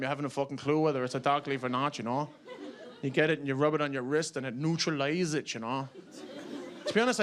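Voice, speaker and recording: A man performing stand-up comedy, telling an animated story and shouting the punchlines. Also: fairly high pitch. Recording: live club recording with audience noise. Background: audience laughter.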